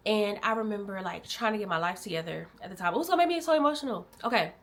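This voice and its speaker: A young adult woman from Illinois, telling viewers a heartfelt personal story in a candid, emotional way, swinging from animated bursts to quiet, soft-spoken moments. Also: mid-range voice, rapid-fire. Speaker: vlogger.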